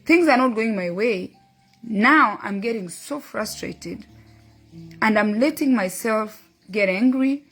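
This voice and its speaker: A woman's voice: a little high, expressive, slow, fairly bright tone, husky, faint music behind. A middle-aged woman hosting a motivational talk, earnestly telling a story and quoting her son and a book. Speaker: host.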